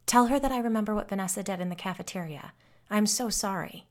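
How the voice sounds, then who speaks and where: A woman's voice: fairly low pitch, fairly even intonation, brisk, gravelly. A woman voicing the eager, chattering ghost of a teenage girl who turns bitter toward her old friends in this storybook reading. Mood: apologetic.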